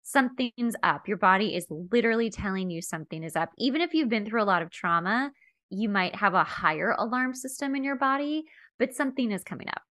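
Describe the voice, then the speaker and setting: A woman co-hosting a podcast in casual chat, talking in a chatty, animated way and acting out quoted lines. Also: medium pitch, fairly quick, dry recording. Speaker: podcast co-host.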